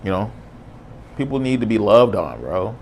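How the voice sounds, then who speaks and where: In a solo monologue, a man hosting a podcast reflects earnestly and casually. He speaks at normal speed in a lowish, slightly mellow voice with big pitch swings, and the recording carries a little hiss or hum.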